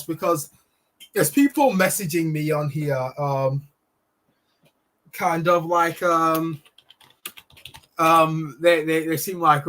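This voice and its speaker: A man's voice: a little high, pushed and bright. Rambling man on a livestream. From Britain. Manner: rambling, full of ums, giggly asides. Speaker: livestream host. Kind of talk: casual livestream chat.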